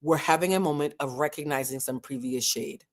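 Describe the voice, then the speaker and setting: Candid emotional woman commentator. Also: deep voice. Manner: candid, emotional, dramatic pauses.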